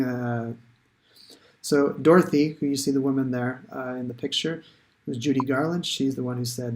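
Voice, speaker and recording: A man's voice: medium pitch, a little mellow, a little hiss or hum. A man teaching English in a live online lesson, chatty and encouraging, thinking aloud with many fillers.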